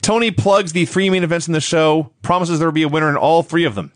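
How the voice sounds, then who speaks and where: A man co-hosting a podcast over a call from home, giving a dry, quick recap of a wrestling show. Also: a little high, no echo. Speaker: podcast co-host.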